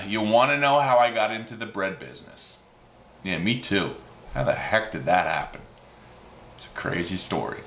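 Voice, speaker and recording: A man in his fifties from New Jersey tells a story for his vlog, animated and enthusiastic, with plenty of fillers. His voice is bright and swings widely in pitch. It rings in a roomy space. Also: normal speed, a little hiss or hum. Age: 50s. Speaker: host. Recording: roomy echo.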